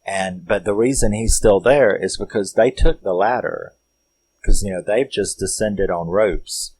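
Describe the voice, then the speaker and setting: Deep-voiced, profane man recapping a film. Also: measured pace, darkish tone, slightly rough, rough recording. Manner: rambling, profane, laid-back storytelling. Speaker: film reviewer. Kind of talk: casual movie recap.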